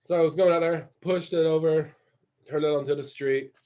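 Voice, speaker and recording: A man hosting a casual podcast chat, telling a story in an animated way and laughing often. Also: on the high side, moderate pace. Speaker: podcast host.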